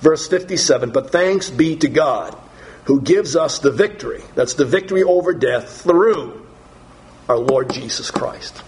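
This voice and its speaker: A man with a fairly high voice preaches verse by verse. He reads scripture slowly, and his pitch climbs on the quoted lines. Then he explains each verse in plain words. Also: animated, darkish tone, a little hiss or hum, rough recording. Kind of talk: expository Bible teaching.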